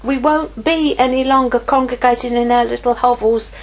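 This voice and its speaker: A woman preaching a sermon, lively, moving from hushed asides to exclaiming. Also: a little high, normal speed, rough recording. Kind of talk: sermon teaching.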